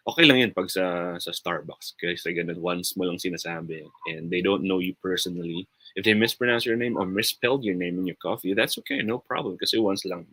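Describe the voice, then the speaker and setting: A man's voice: sits low, brisk, pushed and bright, husky, no echo, low-quality recording. A man with a Filipino accent, teaching an upbeat live-streamed English pronunciation lesson and reading out viewer comments. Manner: upbeat, switches between English and Tagalog, reads viewer comments.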